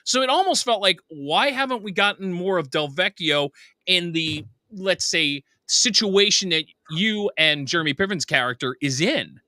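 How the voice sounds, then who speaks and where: Casting note: male host, high lively voice, dry close sound, eager and praising. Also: moderate pace, no room sound. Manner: enthusiastic, complimentary questioner. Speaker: podcast host. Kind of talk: casual interview chat.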